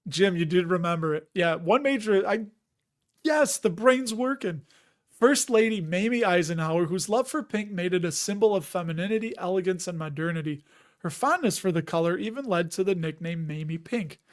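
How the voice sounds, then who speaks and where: Hosting a dividend investing livestream, this chatty man in his fifties speaks at normal speed in a fairly high voice with lively intonation. He goes through viewer comments in a relaxed way, cracking jokes, laughing a lot, and drifting between asides.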